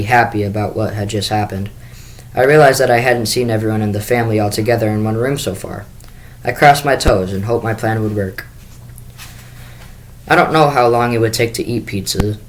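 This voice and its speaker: A man's voice: lowish voice, a little hiss or hum, poor audio. A man reading a children's book aloud in first person, with the occasional small restart. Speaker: school staff reader.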